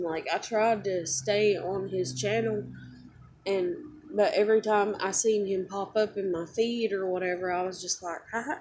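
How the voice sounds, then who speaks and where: A woman's voice: medium pitch, darkish tone, slight background noise. A young woman who just woke up, tired and close to tears, rambling in an upset, swearing vlog rant full of fillers. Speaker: vlogger.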